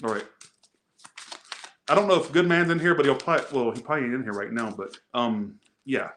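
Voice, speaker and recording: A man's voice: mid-range voice, a little fast, fairly bright tone, a little hiss or hum. A man hosting a tarot reading video, chatting casually with rambling, joking asides. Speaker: tarot reader.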